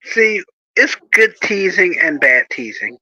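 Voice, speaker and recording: Guy hosting a casual chat, animated storyteller, laughs a lot, very bright voice. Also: sits high, takes it slowly, no room sound, highs cut off.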